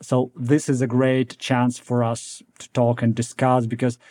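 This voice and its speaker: A man's voice: mid-range voice, monotone, measured pace, darkish tone. A man hosting a tech podcast, chatty and laughing often as he introduces and questions his guest. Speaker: podcast co-host.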